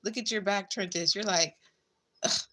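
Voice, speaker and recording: A woman's voice: medium pitch, fairly even intonation, brisk, pushed and bright. A woman giving a casual tarot reading, chatty and blunt, swearing freely and calling the listener babe and girl. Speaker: tarot reader.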